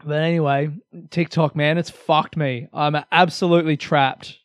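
Australian guy, young, high-ish voice, dry close sound, rambling, swears a lot. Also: moderate pace, no room sound. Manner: energetic, swearing, rambling, self-mocking. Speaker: comedian podcast host. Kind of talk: solo podcast monologue.

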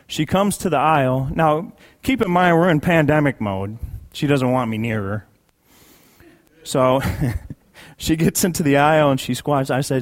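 A man at mid pitch tells a personal story to a congregation in an easy, conversational way. He leans hard on key words and repeats phrases for emphasis, dropping low and quiet at times. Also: expressive, moderate pace. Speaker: speaker sharing a personal testimony. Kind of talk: sermon storytelling.

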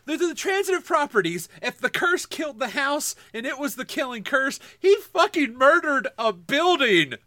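Excitable, lively ranting man. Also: very high-pitched, normal speed, hardly any pauses. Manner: excitable, swearing, rants with lots of laughter. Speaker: podcast co-host. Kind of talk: casual comedic banter.

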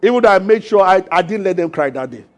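High-voiced pastor preaching. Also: male voice, quick pace. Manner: animated, acts out voices and laughs with the congregation. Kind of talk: sermon.

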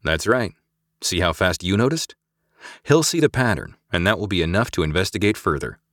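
A calm, decisive woman leader, read by a male narrator in his own low voice. The lines move in a lively melody, sounding close and dry. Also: fairly quick, no room sound. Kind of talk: scripted audiobook acting.

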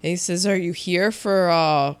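A woman's voice: fairly low pitch, normal speed, smooth. A woman in casual chat, retelling a film scene by scene, acting out the characters' lines with lots of restarts. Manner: animated, acts out lines with restarts.

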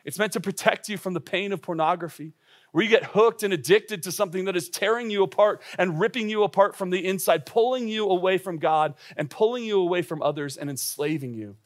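A man with a high voice preaches a sermon to young adults, earnest and urgent. He puts direct questions to his listeners and trips into quick restarts as he pushes his points. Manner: asks the audience direct questions. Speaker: pastor.

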